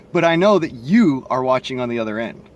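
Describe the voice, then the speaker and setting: A male vlogger with a Southern accent and a stutter rambles bluntly and profanely into his cell phone in a casual monologue to camera. His medium-pitched voice is expressive and a little slow.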